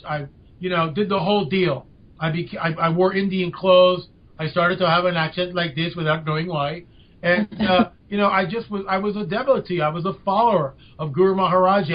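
An older man, a podcast guest, telling a story with lively emphasis. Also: high voice. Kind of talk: storytelling in an interview. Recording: dull lo-fi audio.

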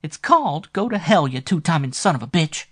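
A man's voice: a little high, huge pitch swings, normal speed, gravelly, breathy edge, voice pushed up, heavily acted. Man putting on a sultry, pushy woman. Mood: angry. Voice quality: sexy voice. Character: seductive, pushy woman lover.

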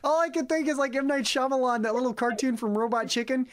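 A man's voice: very high-pitched, fast. A man hosting a casual comedic movie review podcast, retelling the plot with acted-out quotes. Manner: animated storyteller who acts out characters' lines. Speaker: podcast host.

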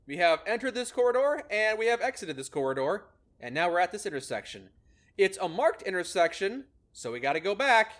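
A man's voice: sits high, big pitch swings, a little fast, fairly bright tone. A man hosting a gameplay video, explaining a maze-solving method in a casual, upbeat way and laughing often. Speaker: host explaining a maze algorithm in a game.

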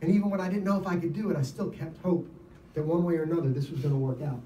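A man giving an informal sermon, telling stories in an animated way and laughing often. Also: on the high side, very fast, echoey room, recorded from a distance, dull audio, slight background noise. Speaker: lay preacher. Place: event gathering.

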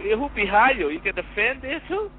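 A man's voice: sits high, very animated, brisk. A man taking a prank phone call, speaking broken English and asking blunt, suspicious questions. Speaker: person receiving a prank call. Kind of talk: phone conversation. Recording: tinny phone line with faint noise.

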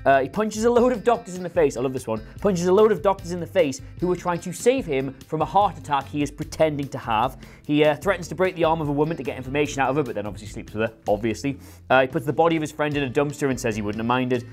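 A man's voice: a little high, expressive, fast talker, faint music behind. A man dryly rattling off a prepared list of complaints in a casual panel chat. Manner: dry, rattles off a prepared list with filler uhs. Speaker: regular panelist.

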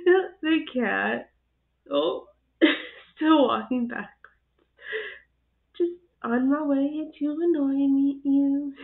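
A woman's voice: sits high, gravelly. A woman hosting her channel, giggling and gushing through casual reaction commentary on clips. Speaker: channel host reacting to videos. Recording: tinny phone-like sound.

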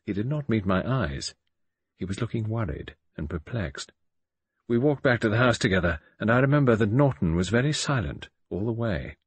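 A man's voice: fairly low pitch, very animated, moderate pace, husky, dry recording. A man narrating an audiobook in the first person, reading dramatically and expressively.

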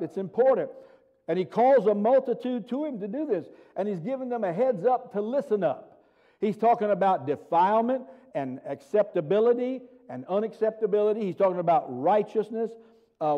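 A man preaching a sermon as pastor, emphatic and full of rhetorical questions, reading scripture aloud. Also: on the high side. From United States. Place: church sanctuary. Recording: dull sound with long church reverb.

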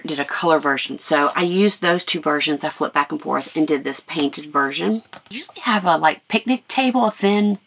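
A middle-aged woman vlogs about her painting in a loose, think-out-loud way. Her voice is low, scratchy and tired, with a heavy gravelly fry. She talks outdoors at a lakeside campground, with faint noise in the background. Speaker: artist vlogger. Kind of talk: casual vlog chat.

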